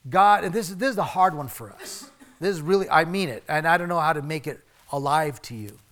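A man preaching a sermon in a conversational way, swinging from emphatic bursts down to soft, hushed asides. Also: fairly high pitch, a little fast. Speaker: pastor.

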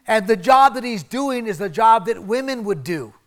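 A man preaching a sermon in a conversational way, swinging from emphatic bursts down to soft, hushed asides. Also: sits high, animated, normal speed. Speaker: pastor.

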